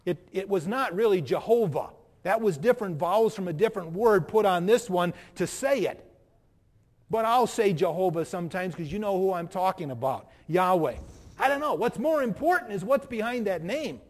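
A man preaching a sermon as pastor, with emphatic pauses and rhetorical questions. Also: high-pitched, animated, long reverb tail.

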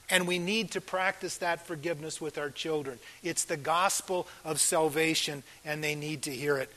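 An older pastor delivering a sermon in a fairly high voice. He talks earnestly, swelling into loud emphatic lines and then sinking to near-hushed asides. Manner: earnest, swings between loud emphasis and soft quiet asides.

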